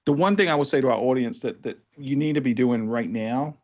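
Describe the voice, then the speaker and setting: Male podcast host, relaxed conversational delivery, mid-range voice. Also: medium pitch, a little fast. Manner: relaxed, chatty, with repeated restarts.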